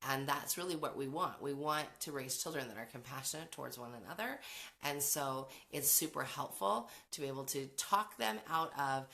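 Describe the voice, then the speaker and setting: A woman's voice: a bass voice, normal speed, vocal fry, sharp tone. A woman in her forties hosting a podcast, talking casually about parenting, chatty, laughing often and acting out quotes. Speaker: podcast host.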